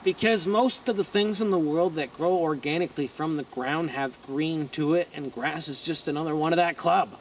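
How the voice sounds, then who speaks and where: A young man from Ontario, Canada, answering fan questions in a casual vlog. He talks loudly and excitably, often shouting and swearing casually. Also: on the high side, moderate pace, hardly any pauses. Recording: distant mic with street noise.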